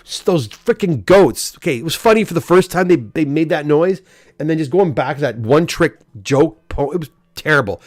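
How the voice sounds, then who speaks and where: A man's voice: fairly high pitch, expressive, moderate pace, dry recording, studio quality. Ranting, stammering male live-stream host. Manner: opinionated, ranting, stammering restarts. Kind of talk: casual live-stream chat reading comments.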